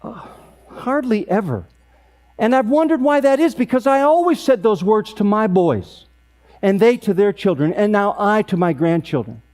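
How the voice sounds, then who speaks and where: A man's voice: sits high, moderate pace. Man in his sixties telling a comic story. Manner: deadpan storytelling with comic timing. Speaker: emcee. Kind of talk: comic storytelling at an awards event.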